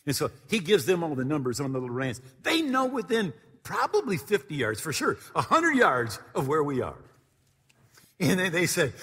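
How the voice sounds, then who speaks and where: A middle-aged pastor tells a story during a sermon to his congregation in the church sanctuary, acting out the voices of its characters. His voice is a little high, a bit bright and slightly rough, swooping wildly in pitch at a moderate pace, with long hall reverb on the recording.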